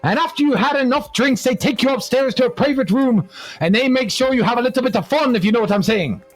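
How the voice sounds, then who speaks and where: A man's voice: very high voice, fast, faint music behind, pitched above the performer's own voice. A man putting on a put-on to play a boozy, boastful Irishman in a pub joke, gleeful and sly.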